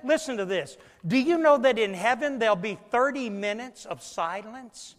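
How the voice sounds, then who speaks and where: A man preaching a sermon, swinging from loud declarations to hushed, near-whispered passages. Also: very high voice, expressive, normal speed. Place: church sanctuary. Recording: long hall reverb.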